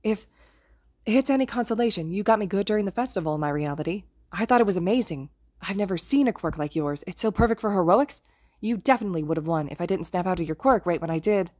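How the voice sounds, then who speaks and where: A woman voicing a nervous, eager teenage boy hero who stammers and gushes in a quick, excitable voice. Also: medium pitch, dry recording, studio quality, lightly acted.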